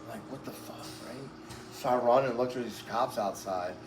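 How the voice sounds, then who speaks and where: A man's voice: medium pitch, moderate pace. A man being interviewed, telling a long story in a rambling, profane way, full of "like" and "right?", and a bit short of breath. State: breathless, uses oxygen. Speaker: interview guest. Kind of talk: casual storytelling. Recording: echoey room with faint background noise.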